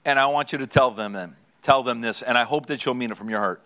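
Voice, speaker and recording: A mid-range voice, bright and forceful, moves at a quick pace. A middle-aged pastor is preaching to married couples, narrating stories, talking directly to his listeners, and laughing at his own stories.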